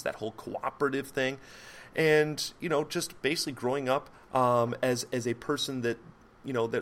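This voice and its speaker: A man's voice: medium pitch, a bit bright. A man hosting a solo podcast, explaining a psychology topic in a loose, rambling way with many fillers, self-corrections and jokey asides. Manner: jokey asides, mock French accent on foreign words. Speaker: podcast host. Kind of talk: casual solo podcast lecture.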